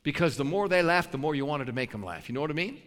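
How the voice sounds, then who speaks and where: An older male preacher tells stories from the pulpit in a lively sermon, his pitch swinging widely as he laughs between lines. His voice is bright and fairly high for a man. It rings with the long reverb of a big church hall. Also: quick pace. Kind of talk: sermon with animated storytelling.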